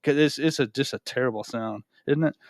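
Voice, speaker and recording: A man's voice: medium pitch, brisk, creaky, no echo, studio quality. A man giving casual, rambling talk to camera from home, often asking "right?" and repeating himself. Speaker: crypto video host. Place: home room with a cat.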